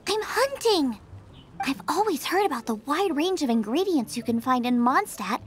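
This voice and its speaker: A woman playing a cheerful, food-obsessed young female chef in a video game, bubbly and eager. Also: high-pitched. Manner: bubbly, enthusiastic, rapid excited outbursts.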